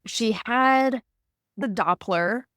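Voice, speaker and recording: A woman in her thirties telling a personal story in a conversational way, animated and acting out the lines of people in it. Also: a little high, drawn-out words, no room sound, clean studio sound. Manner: animated, acts out quoted dialogue. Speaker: guest recounting her birth.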